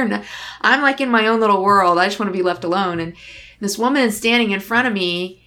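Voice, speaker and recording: A woman's voice: medium pitch, brisk, sharp tone. A woman in casual conversation, telling a personal story in a candid, reflective way and acting out the dialogue. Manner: candid, reflective, acts out dialogue in her stories.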